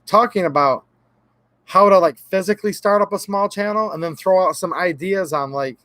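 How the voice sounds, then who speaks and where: A slightly high-voiced man hosts a relaxed livestream, rambling and joking as he greets viewers from chat. The sound is dry and close, with no room echo. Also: moderate pace. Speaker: gun channel livestream host. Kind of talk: casual livestream chat reading chat names.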